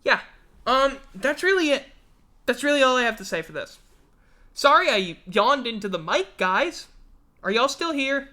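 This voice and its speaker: Man, live stream host, casual rambling chat, sweary, tired and yawny, very animated pitch. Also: moderate pace, pauses often. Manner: rambling, swears freely, self-deprecating. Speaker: livestream host.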